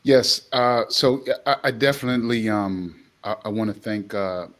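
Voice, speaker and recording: A man in his forties, a chef, speaking on a panel in a halting way with many fillers and restarts. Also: fairly low pitch, fairly bright tone. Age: 40s. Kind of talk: panel discussion.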